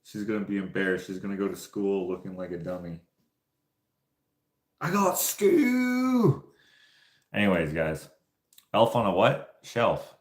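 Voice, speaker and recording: Canadian male YouTuber, low voice, loose rambling anecdotes in a roomy space. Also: fairly even intonation, brisk. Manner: rambling, laughs often. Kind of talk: casual storytelling to viewers. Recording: echoey room.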